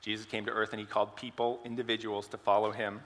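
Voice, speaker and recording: A man's voice: fairly low pitch, flat delivery, fast, a bit bright, big-room sound. A man giving a sermon, telling an illustrative story and asking the congregation questions. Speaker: preacher.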